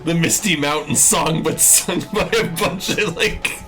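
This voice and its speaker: A man's voice: fairly high pitch, unhurried, pushed and bright, soft background music. A man joining a stream, chatting casually and joking around. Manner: joking, playful. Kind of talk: casual chat.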